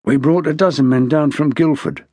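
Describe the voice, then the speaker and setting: A man's voice: on the high side, moderate pace, darkish tone, no room sound, natural voice. A man voicing a weary, grumbling middle-aged local police officer in an audiobook.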